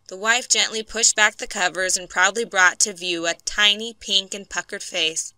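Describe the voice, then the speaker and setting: A woman narrating an audiobook story for English learners in a clear, measured way on a close mic. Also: medium pitch, fairly even intonation, bright, forceful tone, dry recording.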